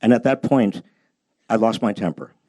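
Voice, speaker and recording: A man's voice: lowish voice, normal speed, mellow, dry recording. An older man giving a humorous, anecdote-filled talk about his book at a public library, storytelling with a self-deprecating edge. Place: public library event space.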